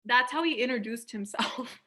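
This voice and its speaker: A woman's voice: fairly high pitch, moderate pace, bright, forceful tone. A young woman co-hosting a podcast, chatting and telling funny stories in a joking, talkative way. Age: young adult. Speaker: podcast co-host. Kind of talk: casual comedic chat.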